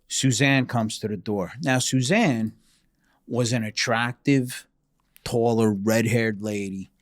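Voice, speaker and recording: A man telling a story as a podcast guest, animated and profane, acting out the dialogue as he goes. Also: lowish voice. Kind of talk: casual storytelling.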